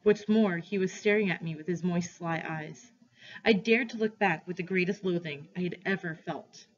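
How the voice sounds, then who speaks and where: A teacher reading a first-person novel aloud for a class, measured and deliberate, pausing for study questions, on a dull lo-fi recording. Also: medium pitch, a little hiss or hum.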